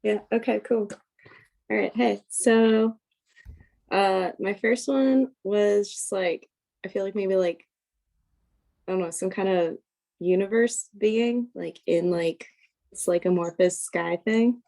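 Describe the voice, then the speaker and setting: Mellow, rambling woman on a call. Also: medium pitch, steady tone, slow, creaky, pauses often. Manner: rambling, filler-heavy. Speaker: workshop participant. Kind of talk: casual sharing on a video call. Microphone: video call.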